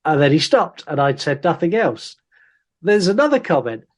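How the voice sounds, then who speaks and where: Male podcast co-host, slightly high voice, lively and teasing. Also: normal speed. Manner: animated, reads listener comments aloud with put-on voices. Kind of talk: casual chat.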